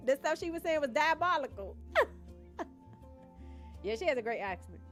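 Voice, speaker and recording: A young gaming streamer with a high, expressive voice talks quickly, chatting casually with her live viewers while she plays. She muses aloud and calls the chat "y'all," with faint game music in the background.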